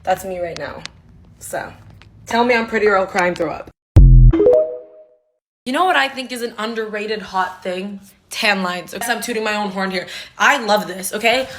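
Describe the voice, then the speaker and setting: A woman's voice: mid-range voice, normal speed, bright, forceful tone. A woman in her twenties talking casually to the camera in a vlog, candid and chatty, swearing freely and acting out her own reactions. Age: 20s. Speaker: social media creator.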